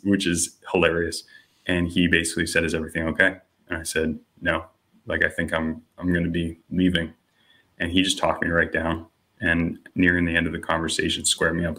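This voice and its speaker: A man's voice: low-pitched, bright, forceful tone. A young man telling a personal faith story in a casual podcast conversation, with many fillers like "you know" and "like", and acting out the voices of the people he quotes. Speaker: podcast guest.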